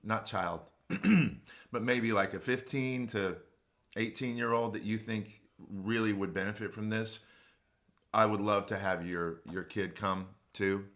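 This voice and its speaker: Earnest guy talking faith on a livestream, real low voice. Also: fairly even intonation, a little slow, fairly bright tone. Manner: earnest, speaks openly about faith. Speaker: guest vocal coach and producer. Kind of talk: casual livestream chat.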